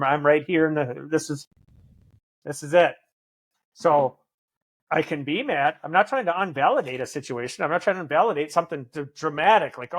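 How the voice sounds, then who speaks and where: A man talking as a podcast guest, blunt and earnest, swearing often in candid conversation. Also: on the high side. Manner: earnest, intense.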